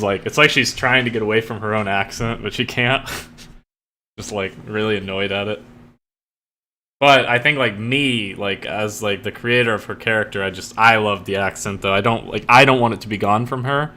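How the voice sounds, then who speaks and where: A man chats casually on stream, his voice sitting fairly low but with a bright, forceful edge. He rambles along, leaning on "like" over and over, and gets excitable whenever something grabs him. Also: moderate pace. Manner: rambling, full of "like" fillers; excitable when enthusiastic. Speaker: streamer and fiction writer. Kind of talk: casual live-stream chat.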